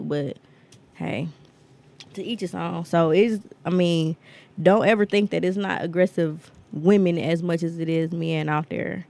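A woman's voice: on the low side, measured pace, vocal fry. Blunt, profane woman. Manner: blunt, profane storytelling with lively quoted voices. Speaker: podcast co-host. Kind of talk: casual storytelling chat.

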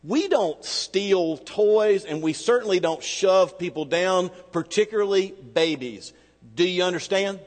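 A man with a high-pitched voice preaches in a relaxed, storytelling way, dropping into slow, deliberate phrasing for emphasis. His voice carries a long reverb tail, as if from a large sanctuary. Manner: conversational storytelling with emphatic slowdowns. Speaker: pastor. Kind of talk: sermon with personal story.

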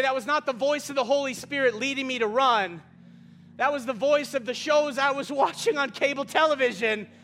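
A man preaching a sermon, impassioned and often shouting, mixing in humor and personal stories. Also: extremely high pitch, slight background noise.

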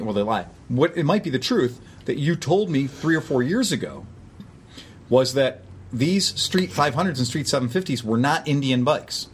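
A man's voice: fairly high pitch, a little hiss or hum. A man chatting casually as a podcast host, telling stories with lots of energy and swearing freely. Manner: animated storyteller, swears freely. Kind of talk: casual chat.

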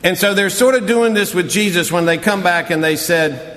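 A man's voice: high voice, normal speed, a bit bright, big-room sound. A man preaching a sermon as a pastor, in a conversational, wry storytelling manner. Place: church sanctuary.

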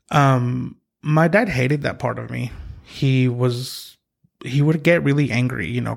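A man from Mexico hosting a podcast, telling a personal story in a halting, reflective way with many pauses and restarts. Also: medium pitch, gravelly. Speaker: podcast host.

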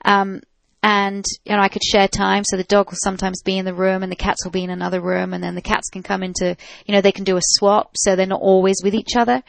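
A woman's voice: mid-range voice, level tone, fast, vocal fry, hardly any pauses, no echo. A woman, a dog trainer giving practical advice in a chatty radio talk, with many fillers and restarts. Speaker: dog trainer answering listener questions. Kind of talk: radio call-in advice chat.

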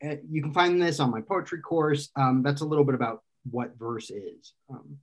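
A man's voice: fairly high pitch, moderate pace. A man explaining an idea in casual conversation, thinking aloud and often restarting and correcting himself. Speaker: guest expert explaining philosophy.

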